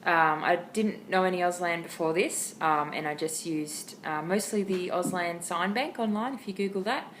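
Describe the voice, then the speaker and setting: A woman with an Australian accent casually sharing dog training tips at home, chatty and expressive with lots of ums. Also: lowish voice, moderate pace, few pauses, slight background noise, low-quality recording. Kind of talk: casual how-to talk to camera. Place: home, indoors.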